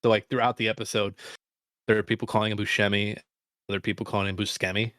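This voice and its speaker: A man co-hosting a podcast in casual chat, animated, laughing often and slipping into put-on voices. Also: fairly low pitch, fast talker, dry recording, clean studio sound. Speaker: podcast co-host.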